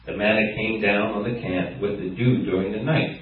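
Male preacher, scripture reading plus lively asides, distant mic in a roomy hall. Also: moderate pace, slight background noise. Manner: laughs often, animated rises in pitch when stressing points; reads scripture aloud in a lower, steadier voice. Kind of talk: sermon. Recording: echoey hall, far from mic, dull sound.

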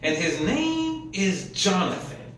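A man's voice: high voice, sing-song, slow, fairly bright tone, a little hiss or hum. A man preaching a sermon, retelling scripture in casual, colloquial paraphrase, recorded in a church. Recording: echoey room from a distance.

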